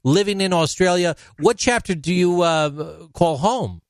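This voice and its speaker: A man's voice: high-pitched, a little slow, no echo, clean studio sound. A man hosting a podcast, playful and teasing in casual chat. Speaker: podcast host.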